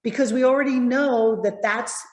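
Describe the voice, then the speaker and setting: A woman communication coach giving a lesson on presentation tips, speaking expressively and slowing down to stress key words. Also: fairly high pitch, a little mellow, reverberant.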